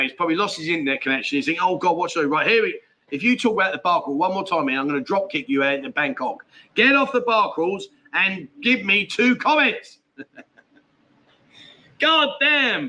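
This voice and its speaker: A man's voice: high voice, pushed and bright. A man hosting a casual live stream, chatting and bantering with viewers and his co-host. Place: indoors at family home.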